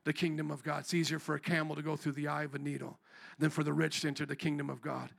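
A man preaching, quoting a calm religious teacher in a quieter, solemn tone. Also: fairly high pitch, measured pace, vocal fry, slightly rough, pitched below the performer's own voice, full character voice. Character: Jesus, calm and grave teacher. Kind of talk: sermon illustration.

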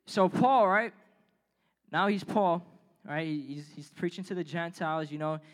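High-voiced young man preaching casually. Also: moderate pace. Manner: slangy, joking, reads scripture aloud with emphasis. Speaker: youth preacher. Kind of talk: casual youth sermon.

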